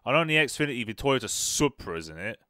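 A man casually commentating on a racing game he is playing, chatty and sarcastic, reacting out loud to the race. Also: medium pitch, big pitch swings, fast talker, dry recording, clean studio sound. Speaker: gaming YouTuber.

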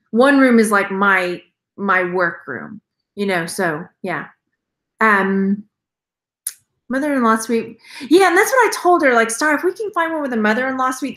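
A woman's voice: on the high side, a bit bright. Chatty Texan woman in an echoey room. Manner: chatty, rambling, laughs often, acts out quoted voices. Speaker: reseller vlogger. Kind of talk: casual live-stream chat.

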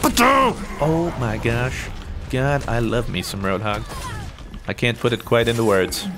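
A young man talks through his gameplay in a playful, excitable way. His pitch jumps all over the place, from low mock-serious asides to sudden high yelps. Faint game music plays softly behind him. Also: takes it slowly. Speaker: gaming YouTuber. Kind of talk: casual gameplay commentary.

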